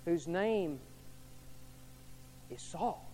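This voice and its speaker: A man's voice: on the high side, expressive, drawn-out words, warm tone, a little hiss or hum, voice pushed down. A preacher voicing a commanding male divine voice. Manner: short firm commands, one phrase at a time.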